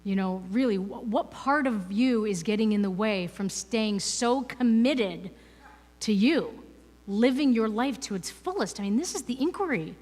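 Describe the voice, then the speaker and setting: A woman's voice: fairly high pitch, expressive, a little slow, darkish tone. A woman giving a conversational inspirational talk as a guest speaker at a spiritual ministry, chatty and full of "you know" and "right?". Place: ministry service hall, indoors. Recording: reverberant hall.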